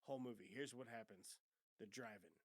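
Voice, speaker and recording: A man's voice: fairly low pitch, fairly quick, breathy edge. A man co-hosting a casual movie review podcast, rambling, joking and stumbling over names. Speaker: podcast co-host.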